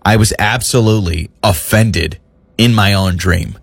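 A man co-hosting a radio show, telling a story in casual banter with an animated, exaggerated delivery. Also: fairly low pitch, unhurried, vocal fry, husky, no room sound.

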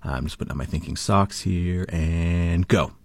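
A man's voice: low voice, normal speed, vocal fry, dry recording. A man co-hosting a radio show, joking around playfully during a word quiz. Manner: playful, jokey. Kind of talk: casual radio banter.

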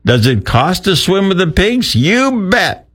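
Chatty radio host with a lively voice. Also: male voice, high voice, measured pace, slightly rough. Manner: chatty, laughing at his own story. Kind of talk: morning radio chat and live read.

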